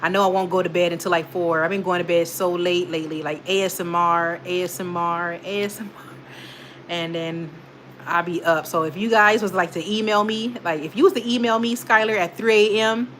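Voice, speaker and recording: A woman's voice: lowish voice, fairly bright tone, slight background noise. Chatty young woman rambling to viewers. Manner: rambling, chatty, talks straight to viewers with many fillers. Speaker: channel host reading live chat. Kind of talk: casual livestream chat.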